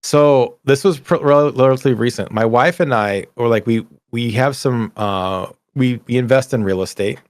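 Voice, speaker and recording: Podcast host, mid-pitched man, chatty and rambling, dry close sound. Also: normal speed, few pauses, dry recording. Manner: rambling anecdotal storyteller, self-correcting. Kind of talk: casual chat.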